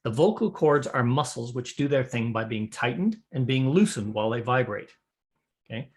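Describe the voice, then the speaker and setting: A middle-aged man gives a spoken lesson to square dance callers. His voice sits at an ordinary middle pitch. He explains breathing in a folksy, practical way and acts out each step as he goes. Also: lively intonation, normal speed. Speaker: square dance calling instructor.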